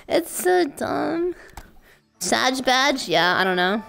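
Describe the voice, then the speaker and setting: A high-pitched woman hosts a casual live stream, chatting straight to her viewers. She is excitable and laughs often, with mock-exasperated outbursts at her chat. Faint music plays underneath. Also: slow pace, creaky. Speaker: VTuber streamer.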